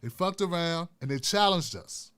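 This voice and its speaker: Fervent high-voiced male commentary host. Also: expressive, moderate pace, fairly bright tone, clear, resonant tone. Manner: fervent, repeats and restarts phrases for emphasis; addresses viewers directly and casually. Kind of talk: impassioned political commentary.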